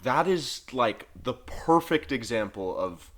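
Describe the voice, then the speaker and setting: A man hosting a podcast in casual chat, animated and swearing freely. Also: mid-range voice, slow pace. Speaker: podcast host.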